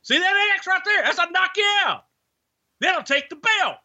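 A cocky, shouty tough-guy wrestler. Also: very high voice, animated, moderate pace, highs cut off, pitched above the performer's own voice, full character voice. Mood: defiant. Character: brash, tough male wrestler, fearless and cocky.

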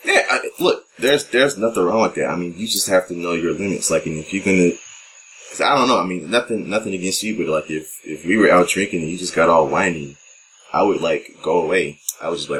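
A man co-hosting a podcast in casual chat, talking in a relaxed, candid way with dry quips. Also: sits low, fairly quick, slight background noise, rough recording. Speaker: podcast co-host.

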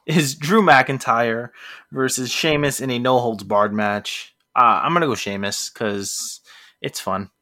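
A man co-hosting a casual wrestling chat with a dry, teasing, deadpan manner. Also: medium pitch, a little slow. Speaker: podcast co-host.

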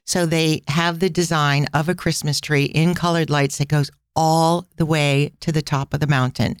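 A woman's voice: sits low, fairly even intonation, moderate pace, smooth, no room sound, studio quality. A woman hosting a casual travel podcast, telling stories in a chatty way with tangents and asides. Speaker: podcast host.

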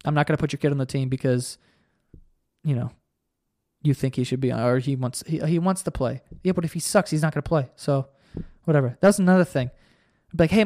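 A man's voice: fairly high pitch, a little mellow, no echo, studio quality. A young man hosting a solo podcast, ranting in a heated, profane and sarcastic way. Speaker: podcast host.

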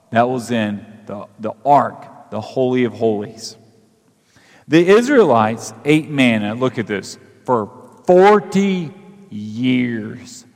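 A pastor preaches in a church, his voice carrying a long echo through the sanctuary. He reads scripture slowly, then rises in pitch and force as he calls listeners to pray. His pitch sits in the ordinary middle range for a man. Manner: preaching with rising fervor, drawn-out pauses. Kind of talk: sermon.

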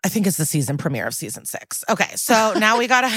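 A woman's voice: mid-range voice, very animated, normal speed, a bit bright, slightly rough, no room sound. A woman co-hosting a podcast, chatting casually through an episode recap. She swears freely and laughs often. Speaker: podcast co-host.

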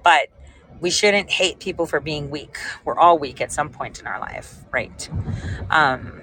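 A woman's voice: low voice, a little slow, a little hiss or hum, rough recording. Rambling woman chatting to viewers. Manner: rambling, animated storytelling; speaks directly to viewers. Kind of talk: casual livestream chat.

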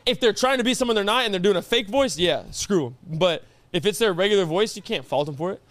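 A young man co-hosting a podcast, teasing and blunt in quick banter, also reading the sponsor spots. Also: high voice, a bit bright, no room sound. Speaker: podcast co-host. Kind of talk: casual podcast banter and ad read.

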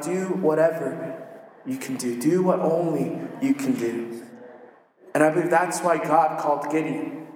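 Man, pastor, casual sermon, high voice, acts out characters, echoey hall with long reverb.

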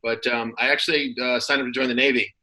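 Former football player as interview guest, thirties, bright voice, relaxed and rambling. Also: male voice, medium pitch, fast, poor audio. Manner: relaxed storyteller, many fillers and restarts. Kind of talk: casual interview chat.

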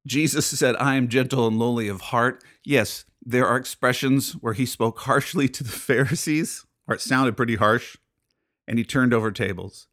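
Speaking at normal speed in a medium-pitched, slightly bright voice, a pastor hosting his own podcast preaches emphatically. His fired-up monologue leans heavily on rhetorical questions.

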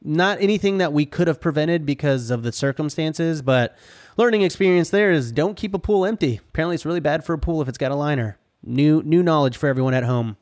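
A man chatting casually on a podcast about running vacation rentals, animated and full of "like" and "dude", acting out what people said. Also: a little high, quick pace. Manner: animated, says dude and like a lot, acts out quotes. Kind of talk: casual chat, storytelling.

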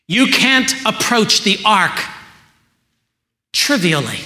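A male pastor delivers a sermon in a high, bright voice. He speaks slowly and deliberately, leaning into rhetorical questions. His words ring out with a long, roomy reverb, as if he is heard across a large hall. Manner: slow, emphatic preaching with rising rhetorical questions.

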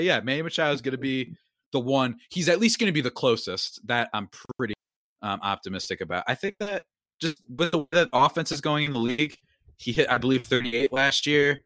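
A man's voice: medium pitch, fairly quick, no echo, clean studio sound. A young man hosting a podcast, chatting casually and rambling with lots of restarts and asides. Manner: rambling, animated, self-interrupting. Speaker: podcast host. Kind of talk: casual sports talk.

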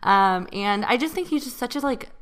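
A woman's voice: a little high, animated. A young woman from California in casual chat, talkative and full of filler words. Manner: talkative, lots of fillers, quick asides. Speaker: podcast co-host.

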